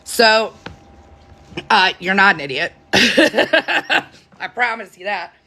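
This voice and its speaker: Bright, chatty woman hosting a live stream. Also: mid-range voice, very animated, takes it slowly. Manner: chatty, laughs often. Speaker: TikTok live host. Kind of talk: casual live-stream chat. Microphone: phone camera.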